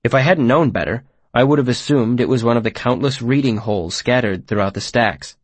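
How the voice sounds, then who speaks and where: A man narrating first-person fiction in a measured, expressive storytelling manner, on a close mic. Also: medium pitch, husky, dry recording. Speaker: audiobook narrator.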